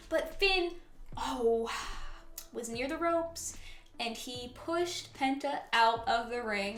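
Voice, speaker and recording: A woman giving a chatty, excitable recap of a wrestling match, with frequent fillers and giggles. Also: fairly high pitch. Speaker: wrestling commentary vlogger. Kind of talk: casual recap commentary. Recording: echoey room with faint music.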